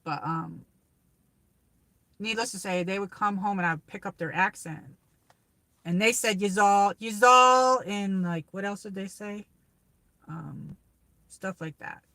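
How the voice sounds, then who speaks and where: A rambling woman with a New York accent chats casually on her livestream, reading out viewer comments as she goes. Her voice is bright and forward, and the sound is close and dry with no room around it. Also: mid-range voice, measured pace, long pauses, no echo. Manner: rambling, chatty, reads viewer comments aloud. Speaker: livestream host. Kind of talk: casual live chat with viewers. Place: car on a drive.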